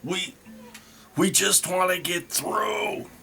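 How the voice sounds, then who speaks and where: A man voicing a frightened goblin who begs in broken, halting speech. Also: gravelly, bright, forceful tone, slight background noise, full character voice. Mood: terrified pleading. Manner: high, pleading, broken speech.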